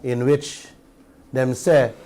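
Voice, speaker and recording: A man's voice: medium pitch, level tone, takes it slowly, dark tone. A Guyanese man hosting a radio talk show, giving an impassioned commentary full of rhetorical questions to his listeners and slipping between standard English and creole.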